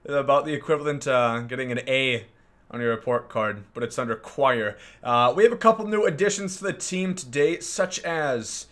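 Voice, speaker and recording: A man giving casual, joking commentary over his gameplay as the host of a gaming channel, rambling through sarcastic asides and shouting at big plays. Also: mid-range voice, moderate pace.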